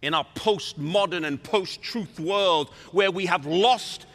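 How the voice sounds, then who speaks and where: Man, preacher, sermon, bright forceful voice, slightly high, reverberant hall. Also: slow. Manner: animated, dramatizing scripture with voices.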